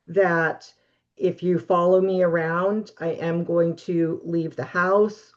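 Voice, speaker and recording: A woman guest giving steady, practical advice in a webinar interview over a video call. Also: fairly low pitch, highs cut off. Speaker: guest expert on relationships.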